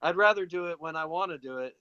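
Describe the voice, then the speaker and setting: A man's voice: a little high, fast, dull audio, a crowd in the background. A man who grew up in a British household in Florida, chatting casually and teasingly as a show co-host, with a mostly American accent. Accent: American, with a put-on British voice at times. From England. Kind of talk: casual chat.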